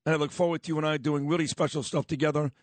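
A man's voice: fairly high pitch, flat delivery, racing, dry recording. A man hosting a morning radio show, teasing and interrupting his co-hosts in folksy banter. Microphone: studio microphone.

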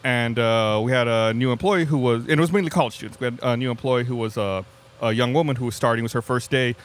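A man co-hosting a podcast, chatting casually with frequent restarts and fillers. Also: mid-range voice. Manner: halting, many restarts. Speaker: podcast co-host. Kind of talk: casual chat.

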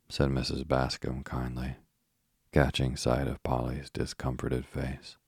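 A man narrating a bedtime story in a calm, even way. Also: very deep voice, measured pace, gravelly, husky, no echo, studio quality.

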